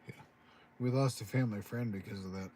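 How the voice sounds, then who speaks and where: A man in casual chat, relaxed and chatty, with frequent swearing. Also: on the low side, brisk, background noise. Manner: laid-back, profane, chatty.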